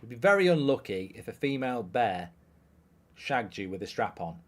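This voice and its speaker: A man in his thirties hosts a live football watchalong, chatting loosely between moments of play. He reads viewer questions aloud and answers them in a dry, offhand manner. His voice sits in a middle pitch. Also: sing-song, normal speed. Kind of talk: casual live-stream chat reading comments.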